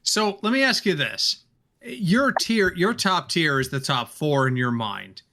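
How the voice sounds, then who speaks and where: A man hosting a casual sports podcast, steering the talk with questions in an animated way. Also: fairly high pitch, measured pace, slight background noise. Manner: animated, leads the discussion with questions. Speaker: podcast host. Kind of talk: casual fantasy football chat.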